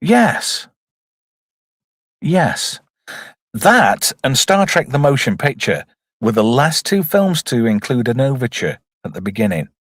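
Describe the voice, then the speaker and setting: A man riffing on a film for a live chat audience, jokey and loose. His pitch swings widely as he talks, and the sound is dry and close to the mic. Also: big pitch swings, measured pace, no echo. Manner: jokey, reads out chat, puts on silly voices. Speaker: streamer reviewing a film. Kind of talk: casual live commentary.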